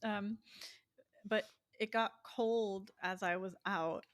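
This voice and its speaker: A woman in her thirties co-hosting a podcast, telling stories in animated casual chat and laughing a lot. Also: medium pitch, slow pace. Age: 30s. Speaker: podcast co-host.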